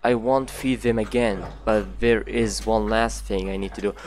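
A man's voice: fairly low pitch, fairly even intonation, normal speed, hardly any pauses, a little mellow. Man narrating a horror game aloud. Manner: swears, talks to himself, thinks aloud. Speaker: gameplay commentator. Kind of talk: let's play commentary.

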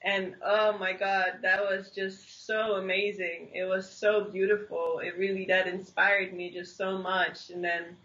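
A young woman from the Netherlands, telling a personal story as an interview guest in an animated, rambling way full of "like" and restarts. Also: mid-range voice, measured pace, few pauses, lo-fi sound. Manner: animated, heavy use of "like" and restarts. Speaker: interview guest, singer-songwriter. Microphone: online video call.

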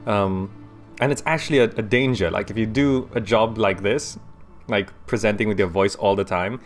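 Chatty man narrating a game, low voice. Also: moderate pace, soft background music. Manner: chatty, laughs often, talks through his thoughts aloud. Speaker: gaming YouTuber. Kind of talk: casual let's-play commentary. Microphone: desk microphone.

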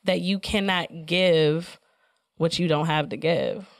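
A woman co-hosts a casual podcast in a calm, measured, reflective manner. Her voice is smooth and clear, and the sound is dry and close, with little room echo. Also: low-pitched. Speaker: podcast co-host.

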